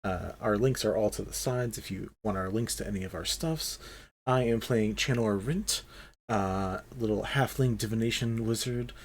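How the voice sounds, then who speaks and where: A man, the show's creator, joining as a player in casual chat, excited and joking. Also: on the low side, normal speed.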